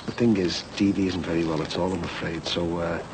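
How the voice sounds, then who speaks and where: A deep-voiced man, awkward and halting, full of pauses. in a TV soap, with noticeable hiss behind him. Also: fairly even intonation. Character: awkward, hesitant man making excuses. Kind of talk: 1990s TV soap acting.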